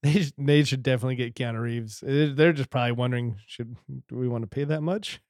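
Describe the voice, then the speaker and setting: A man's voice: medium pitch, fast, a little mellow, dry recording, studio quality. Jokey man riffing on a podcast. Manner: jokey, laughs between lines. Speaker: podcast co-host. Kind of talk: casual chat.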